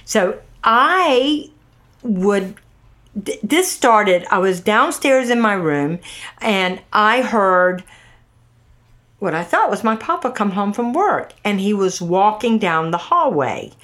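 A middle-aged woman from North Carolina with a Southern accent, casually telling a ghost story in animated fashion, acting out the dialogue. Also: mid-range voice, slow. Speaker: guest storyteller.

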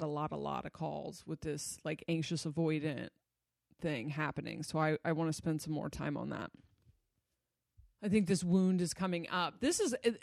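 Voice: mid-range voice, creaky, dry recording, studio quality. A relationship coach talking casually to an audience, blunt and loose, swearing freely.

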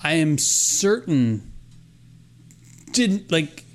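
A man co-hosting a casual talk show, his voice sitting a little high for a man. He rambles through animated stories, restarting sentences as he goes. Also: extremely slow. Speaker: podcast co-host. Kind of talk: casual chat. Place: lives in Florida.

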